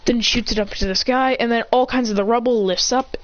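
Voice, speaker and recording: A woman excitedly retelling an imagined anime battle, rambling and breathless, with shouted sound effects. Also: on the high side, quick pace, no room sound. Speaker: storyteller. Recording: dull lo-fi sound with faint hiss.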